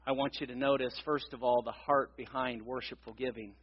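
A man's voice: mid-range voice, steady tone, a little fast, slightly rough, long reverb tail, muffled recording. A man preaching a sermon in a church, reading scripture aloud and then teaching earnestly, repeating key phrases for emphasis. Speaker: pastor. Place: church sanctuary.

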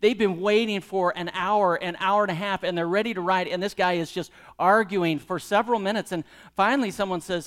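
A man's voice: high-pitched, fairly quick, few pauses, fairly bright tone. A middle-aged man preaching a sermon, telling a personal story and then pressing the congregation with pointed rhetorical questions. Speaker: pastor.

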